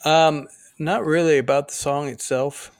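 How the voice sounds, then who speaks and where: Halting, agreeable male co-host, dry sound. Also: a little high, fairly even intonation, no echo. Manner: agreeable, halting, many fillers. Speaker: podcast co-host. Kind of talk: casual music discussion.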